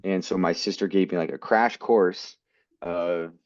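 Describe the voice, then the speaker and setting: Man, very low voice, american, earnest storyteller, muffled lo-fi sound. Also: steady tone, measured pace, a little mellow, no room sound. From United States. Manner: earnest, quotes people in his stories. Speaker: guest actor. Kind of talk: storytelling interview.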